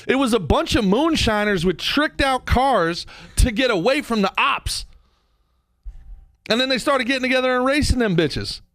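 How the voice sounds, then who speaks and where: A man hosting a podcast, ranting comedically with profanity and quick mock voices. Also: extremely high pitch, dry recording. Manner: animated, profane, jumps between impressions and mock voices. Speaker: podcast host. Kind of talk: comedic rant.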